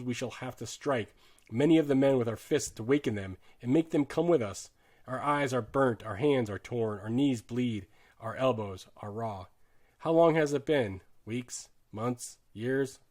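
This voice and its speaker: A man narrates a war novel as an audiobook in a voice of middling pitch. His reading is earnest and dramatic. He drops low for grim passages and rises for tense ones. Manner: earnest, shifts loudness sharply with the drama. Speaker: audiobook reader.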